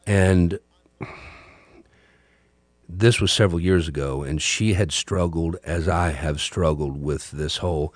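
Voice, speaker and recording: A man's voice: deep voice, slow pace, pauses often, dry recording. A middle-aged man, hosting a podcast and talking through a candid, reflective monologue. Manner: conversational, candid, musing. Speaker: radio host and podcaster.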